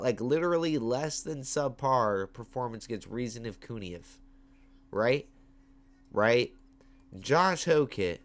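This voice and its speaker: A man's voice: mid-range voice, clean tone. A man hosting his own MMA picks show, talking in a casual, slangy way and getting hyped on camera. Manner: animated, slangy, hyped with big swings in loudness. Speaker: MMA betting picks host. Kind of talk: casual fight-pick commentary. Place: at home on camera. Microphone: webcam or phone on camera.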